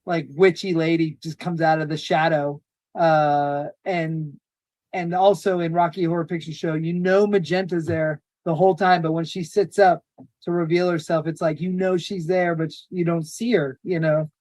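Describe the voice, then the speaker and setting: A woman filmmaker talking casually in an interview, animated and acting out quotes from her shoot. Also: normal speed. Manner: animated, acts out quotes in high voices. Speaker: filmmaker guest.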